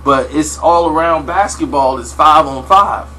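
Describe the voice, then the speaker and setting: An animated man casually spinning a story with slangy asides and lots of "you know". His voice sits a bit higher than most men's, and a faint hiss runs under the recording. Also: a little slow, low-quality recording. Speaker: vlogger.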